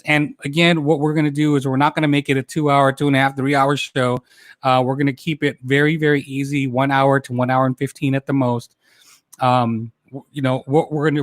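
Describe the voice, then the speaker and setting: A man's voice: mid-range voice, no room sound, studio quality. A man in his forties hosting a casual livestream, chatting with viewers, laughing often and stumbling over his words. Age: 40s. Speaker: host.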